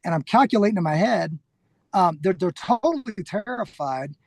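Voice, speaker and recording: Telling casual interview stories at a normal speed, a middle-aged podcast guest who trains people in security speaks in a high, gravelly voice. His delivery is animated, full of acted-out quotes and restarted sentences, and the audio is dry and close with no echo.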